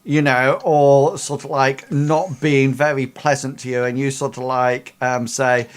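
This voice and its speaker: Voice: medium pitch, steady tone, unhurried. A game master narrating a tabletop game in a rambling way, with many fillers and restarts.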